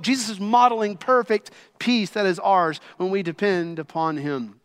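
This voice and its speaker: Dynamic pastor preaching, loud to hushed. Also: male voice, high-pitched, moderate pace, few pauses, clear, resonant tone. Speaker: senior pastor. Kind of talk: sermon.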